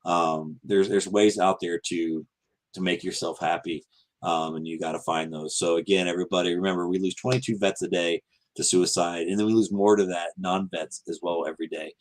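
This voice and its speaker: A man hosting a casual fan podcast, signing off with frequent ums, earnest and unhurried. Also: low-pitched, steady tone. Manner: many ums and restarts, earnest. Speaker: podcast host. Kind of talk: casual show sign-off.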